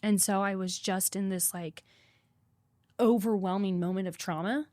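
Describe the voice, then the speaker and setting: A woman's voice: medium pitch, fairly even intonation, moderate pace, dark tone, no room sound. A woman guest on a podcast telling a hard personal story candidly, swearing freely and repeating points for emphasis.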